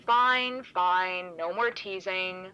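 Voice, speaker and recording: A woman's voice: lowish voice, extremely slow, lo-fi sound, a little hiss or hum. A woman voicing a mocking, theatrical shadowy figure with a playful, sing-song delivery. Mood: teasing.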